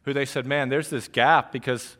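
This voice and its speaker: A middle-aged male pastor from New York, preaching a sermon as a story, dropping to a hush and then rising loud again. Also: medium pitch, steady tone, moderate pace.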